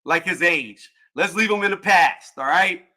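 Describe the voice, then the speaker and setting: A man with a higher-sitting voice hosts a casual boxing livestream panel at an unhurried pace, joking loudly, cursing, laughing often and trash-talking.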